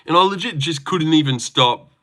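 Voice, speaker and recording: Here a livestream host, a young Australian, talks at normal speed with a voice on the high side. He chats loosely while reading out comments, swearing and getting excited as he goes.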